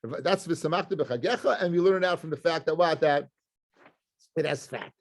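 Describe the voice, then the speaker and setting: A rabbi teaching a Talmud class in a slightly higher voice than most men. He asks questions and then answers them himself. He moves easily between English and Hebrew and Aramaic terms, with listeners present in the room. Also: normal speed.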